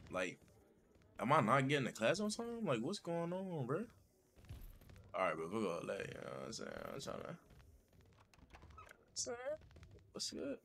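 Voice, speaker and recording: A man's voice: mid-range voice, wildly swooping pitch, normal speed, long pauses, a bit bright, slight background noise. A man giving casual, slangy gameplay commentary and constantly saying "bro.". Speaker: gaming channel host.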